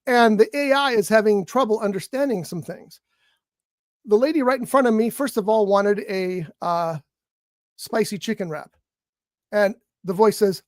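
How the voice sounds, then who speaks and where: A man co-hosting a casual talk show, telling a long, animated complaint story. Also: sits high, normal speed, no room sound, clean studio sound. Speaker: co-host. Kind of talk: casual podcast chat.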